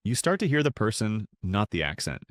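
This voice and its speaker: A man narrating a scripted documentary with a measured, rhythmic delivery that pauses between listed items. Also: fairly low pitch, very animated, dry recording, studio quality.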